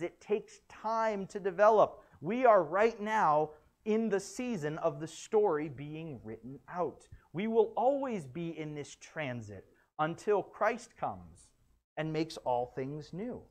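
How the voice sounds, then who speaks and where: A pastor delivering a sermon in a church, stacking repeated phrases for emphasis. Sometimes stumbles and corrects with a light laugh. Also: medium pitch.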